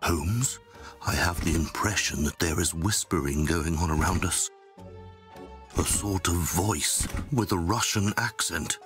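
A man's voice: low-pitched, measured pace, a bit bright, soft background music. A man playing a timid, dutiful detective's sidekick who talks in a plodding, nervous, matter-of-fact way. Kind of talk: video game voice acting.

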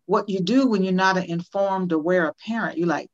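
An older woman speaks in a low, earnest voice, telling stories with a preacher's build. She talks as an interview guest. Her recording sounds a little dull and muffled. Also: normal speed. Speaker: motivational speaker.

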